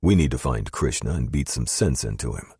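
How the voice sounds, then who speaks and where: A man's voice: a bass voice, animated, fairly quick, gravelly, darkish tone, breathy edge, dry recording, studio quality. A man narrating a first-person romance audiobook in an intimate, brooding way.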